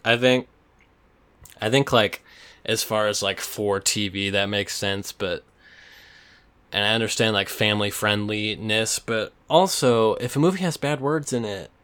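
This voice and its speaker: A man's voice: lowish voice, a little slow, a bit bright, smooth. A young man chatting casually as a podcast co-host, rambling with many fillers. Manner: rambling, laid-back, frequent fillers. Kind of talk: casual chat.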